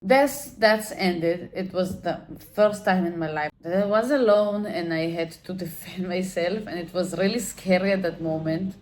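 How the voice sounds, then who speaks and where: A woman's voice: medium pitch, slight background noise. Candid, emotional woman telling her story. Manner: emotional and candid, swearing freely; talks with many fillers and restarts. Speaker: vlogger. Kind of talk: personal storytelling monologue.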